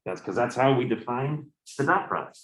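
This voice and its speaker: A man's voice: medium pitch, lively intonation, moderate pace, fairly bright tone. Man, physics professor, classroom lecture, candid, joking, roomy echo. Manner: candid, exasperated asides, joking.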